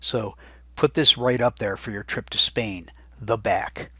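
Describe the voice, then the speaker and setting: A man with a husky, bright voice and a fairly low pitch, giving a chatty recorded vocabulary lesson. He repeats each word slowly, as if for dictation. The sound is close and dry. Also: fairly even intonation, no room sound. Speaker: Spanish teacher.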